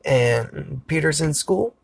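Low husky-voiced woman going over a movie, swears, super casual. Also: animated, slow pace, darkish tone. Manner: casual, swears, sympathetic reactions. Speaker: podcast co-host. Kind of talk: casual chat recapping a film.

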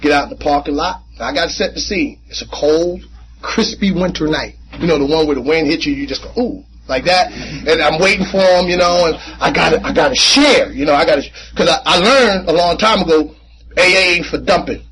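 A man speaking at a recovery meeting, telling his personal story in an animated, conversational way with casual slang and frequent repeats. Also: a little high, brisk, a little hiss or hum, poor audio. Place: meeting room.

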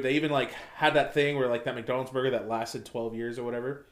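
Animated man in an echoey room. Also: mid-range voice, a little fast, hardly any pauses. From United States. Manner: animated, swearing, calls people dude. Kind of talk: casual chat.

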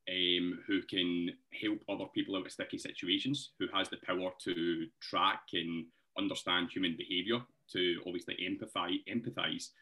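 A man's voice: deep voice, pushed and bright. A Scottish man, a personal trainer guest on a podcast, talking earnestly and thoughtfully with frequent laughs. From Scotland. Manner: earnest and reflective, laughs often, says mate. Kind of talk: interview conversation.

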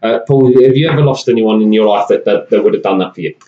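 A man's voice: on the low side, quick pace. A man hosting a casual podcast, rambling with lots of fillers and restarts. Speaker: podcast host. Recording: echoey room, dull lo-fi sound.

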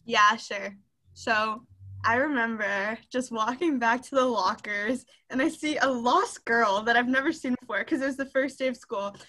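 A woman's voice: fairly high pitch, moderate pace. A young woman telling a story in a casual chat with friends, acting out what others said. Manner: lively storyteller who acts out the people she quotes. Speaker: podcast co-host.

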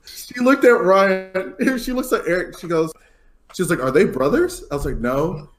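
A young man with a fairly high, very lively voice, laughing through a casual story on a podcast. He acts out his little daughter's lines in a playful back-and-forth. A faint hiss sits under the voice. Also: normal speed. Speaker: podcast co-host.

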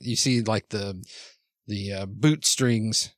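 A man narrating as game master, rambling and halting with many restarts. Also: on the low side, no echo, clean studio sound.

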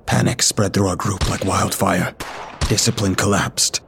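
Low, flat-voiced male horror narrator. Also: unhurried, vocal fry, noisy background. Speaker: story narrator. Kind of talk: scripted horror story narration.

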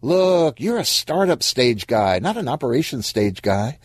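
A man's voice: mid-range voice, very animated, unhurried, husky, no echo, studio quality, voice pushed up. A man voicing a breezy, dismissive woman venture capitalist.

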